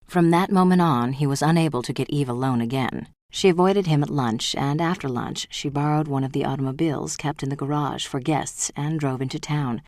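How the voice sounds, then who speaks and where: Measured audiobook narrator, dry sound. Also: mid-range voice, darkish tone, dry recording. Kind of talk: scripted narration.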